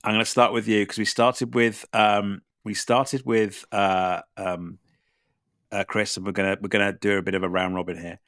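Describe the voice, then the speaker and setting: A man's voice: fairly low pitch, level tone, moderate pace, a bit bright, no room sound, clean studio sound. A man hosting a podcast in casual chat, rambling and self-deprecating. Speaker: podcast host.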